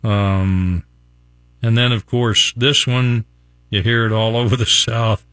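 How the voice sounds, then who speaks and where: This older West Virginian radio host has a lowish, steady, clean voice with a fairly bright tone, and he speaks slowly. Folksy and chuckling, he reads examples on his casual morning show, with a studio microphone and no echo.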